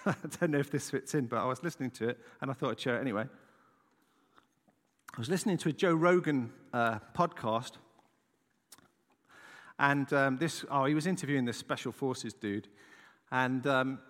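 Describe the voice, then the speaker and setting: A man's voice: mid-range voice, normal speed, pauses often, a bit bright, in a large hall. A man preaching a casual sermon, chatty and conversational, tossing in "right?" asides as he tells a story.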